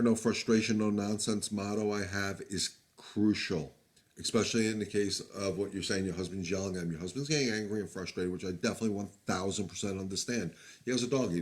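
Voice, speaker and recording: Plain-spoken man giving dog advice. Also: lowish voice. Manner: candid, plain-spoken, many fillers and restarts. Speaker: dog trainer answering viewer questions. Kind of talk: live-stream Q&A, casual advice. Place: home, live stream.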